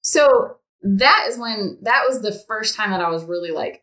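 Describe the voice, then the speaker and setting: Guesting on a podcast in a casual interview, this woman, an instructional designer, chats freely and peppers her speech with ums and likes. She speaks at a normal speed with few pauses in a mid-range, fairly bright voice, captured with roomy echo.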